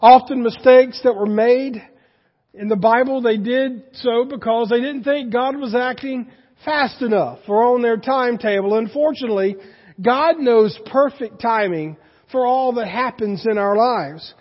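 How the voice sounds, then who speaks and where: A man's voice: extremely high pitch, measured pace, big-room sound, highs cut off. A male pastor delivering a sermon in a church, speaking conversationally and asking the congregation questions.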